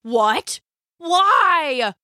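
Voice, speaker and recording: A woman's voice: on the high side, animated, a little slow, sharp tone, dry recording, studio quality. A woman voicing a flustered middle-aged male farmer who is easily rattled, in a storybook tale. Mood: sputtering.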